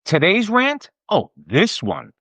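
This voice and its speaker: A man's voice: sits high, wildly swooping pitch, takes it slowly, pushed and bright. A man hosting a podcast, delivering an exasperated, sarcastic and profane comedic rant. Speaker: podcast host.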